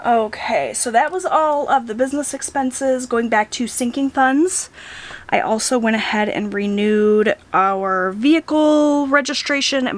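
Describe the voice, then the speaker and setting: A woman in her thirties talks through her week's spending at a relaxed, conversational pace. Her voice sits in a middle range, and she muses aloud, often pausing to second-guess herself. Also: mid-range voice. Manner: chatty and musing, thinks out loud with hesitations. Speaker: budgeting vlogger. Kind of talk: casual talk while logging expenses.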